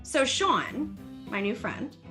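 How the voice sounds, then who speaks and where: A woman's voice: on the high side, sing-song, slow pace, bright, forceful tone, soft background music. A woman hosting a comedic drinking chat show over a video call, teasing and bawdy with her guests. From United States. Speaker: host.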